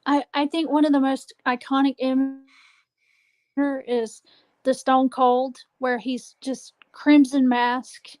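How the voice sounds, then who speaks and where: A woman co-hosting a wrestling watch-along, with a high, light voice. She chats casually, dropping in questions and bits of trivia between the calls. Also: flat delivery, slow, darkish tone. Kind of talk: casual chat.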